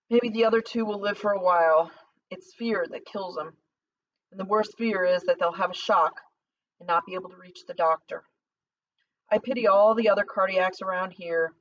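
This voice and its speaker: A woman's voice: lowish voice, close to an everyday voice. A woman voicing a weary, volatile old-time town doctor. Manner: brisk, then raging outbursts. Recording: slightly distant dull lo-fi recording.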